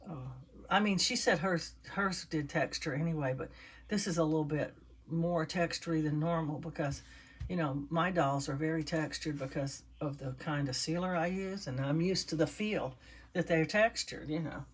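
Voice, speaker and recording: Her low voice, breathy at the edges, moves at normal speed. While working with her hands, the older doll maker stuffs and assembles a handmade doll, chatting casually with viewers in a crafting vlog.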